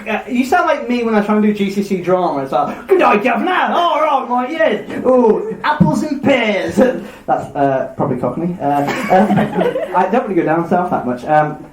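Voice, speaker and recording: A man's voice: on the high side, darkish tone, slight background noise. A man hosting a live podcast, retelling a myth with stumbles, giggles and restarts. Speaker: podcast host and narrator. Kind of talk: live comedic mythology retelling. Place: live event venue. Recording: echoey live room with crowd ambience.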